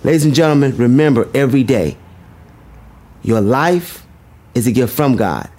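A man's voice: mid-range voice, lively intonation, normal speed, warm tone. A man giving a motivational speech, emphatic and preacher-like, repeating his key lines and asking the audience questions. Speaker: motivational speaker.

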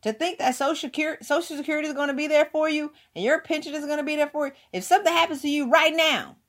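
A woman's voice: high-pitched, very fast, a bit bright. A woman giving an emphatic motivational talk, hammering points home with repeated words. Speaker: motivational speaker.

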